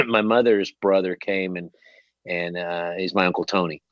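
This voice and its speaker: A man hosting an interview, telling a long story in a rambling, animated way and swearing freely. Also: low voice, normal speed, no room sound. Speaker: host. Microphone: headset. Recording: dull lo-fi dry sound.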